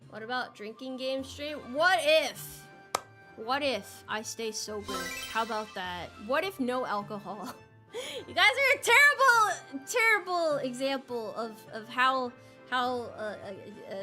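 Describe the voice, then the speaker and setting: A young woman streaming casually at a desk mic, her voice high and bright. She talks in an animated, flustered way, laughing and tripping over repeated words. Soft music plays faintly behind her. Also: measured pace. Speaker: VTuber streamer. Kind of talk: casual livestream chat.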